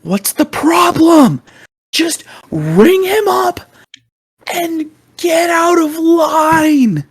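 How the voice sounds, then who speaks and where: A man voicing an irate male customer who screams at the person ahead of him in line, in a shrill yelling voice. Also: expressive, drawn-out words, heavily acted.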